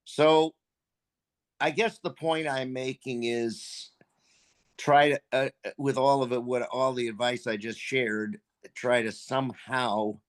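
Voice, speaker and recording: An older male voice actor spins a casual story with plenty of profanity. He talks animatedly at a middle pitch and slips into the voices of the people he describes. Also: slow pace. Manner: profane, animated, acts out quotes. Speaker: guest, voice actor.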